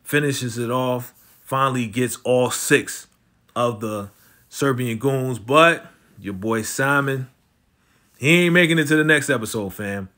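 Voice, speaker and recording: A man's voice: medium pitch, unhurried, pushed and bright. A man casually recapping a TV episode in slangy talk, acting out the characters' lines as he goes.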